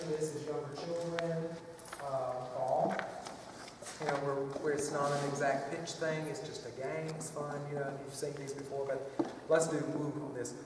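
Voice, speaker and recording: A man's voice: a little high, noisy background. A man leading a children's choir workshop, chatty and rambling, with playful vocal demonstrations. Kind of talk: music workshop lesson. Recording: echoey hall from far off.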